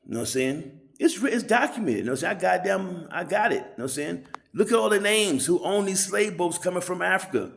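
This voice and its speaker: Casting note: man in a loose, rambling on-camera rant, a bit high-pitched with a gravelly edge, salty language. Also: lively intonation, fast. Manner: rambling, profane, keeps asking "you know what I'm saying". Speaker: channel host. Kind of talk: casual ranting monologue.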